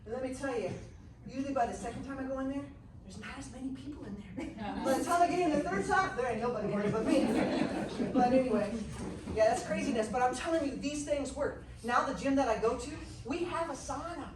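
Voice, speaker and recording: Animated woman telling stories, echoey room. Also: sits high, fast, over a noisy crowd. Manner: animated, laughing storyteller. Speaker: health class teacher. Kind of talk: casual storytelling class. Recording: echoey room, mic far off, noisy.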